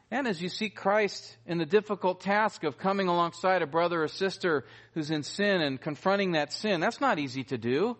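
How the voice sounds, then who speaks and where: A man preaching a sermon in a fairly high voice, emphatic and earnest. He leans on repetition, circling back to the same phrase to press it home. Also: normal speed, fairly bright tone. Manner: emphatic, repeats key phrases for weight. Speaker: pastor.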